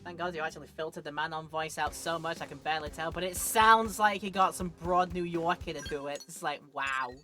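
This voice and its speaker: A woman's voice: sits low, brisk, hardly any pauses, pushed and bright, soft background music. A woman streamer chatting casually and joking while playing a video game. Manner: chatty, jokey, thinks aloud. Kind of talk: casual let's-play commentary.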